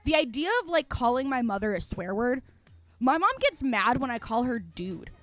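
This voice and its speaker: A young woman streamer telling a story in casual chat, animated and foul-mouthed, acting out her own quotes and laughing often. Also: a little high, normal speed.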